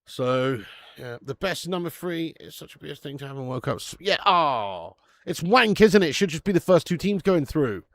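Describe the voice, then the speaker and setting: Guy hosting a football watch-along stream, a bit high voice, sweary banter, dry close mic. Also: lively intonation, moderate pace, a bit bright, no room sound. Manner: sweary banter, laughing while reading out viewer messages. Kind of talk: live football watch-along commentary and chat.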